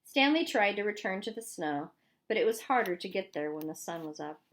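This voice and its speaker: A woman reading a novel aloud in a clear, steady storytelling manner. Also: mid-range voice, a little fast. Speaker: audiobook reader.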